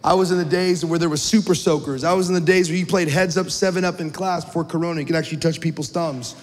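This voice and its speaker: A man in his thirties preaches to his congregation in a fairly high voice. He tells a personal story earnestly and often repeats words as he goes. The recording carries a long, ringing reverb. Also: steady tone, fast. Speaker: pastor. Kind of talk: sermon.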